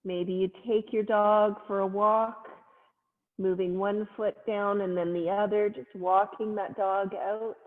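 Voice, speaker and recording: A woman yoga instructor leads a family class with gentle, playful cues and little animal noises. She speaks slowly at a middling pitch. The sound is thin and phone-like, with a long reverb trailing behind. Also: little pitch movement.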